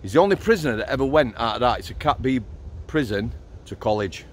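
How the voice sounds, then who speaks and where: Speaking fast in a mid-range voice with lively intonation, a middle-aged Yorkshireman, formerly a prison officer, tells blunt stories while out walking at night. He swears freely and keeps things matter-of-fact; there's a little hiss or hum.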